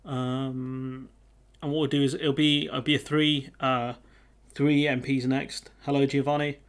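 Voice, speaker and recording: A man's voice: mid-range voice, level tone, measured pace. A man hosting a casual live stream, chatting with viewers and reading their comments aloud. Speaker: livestream host.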